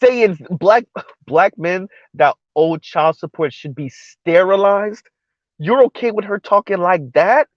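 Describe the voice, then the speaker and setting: Brief: male live-stream host, stunned and animated commentary, dry close mic with a muffled, lo-fi tone. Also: high voice, slow pace, no echo. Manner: animated, incredulous, repeats words and restarts often.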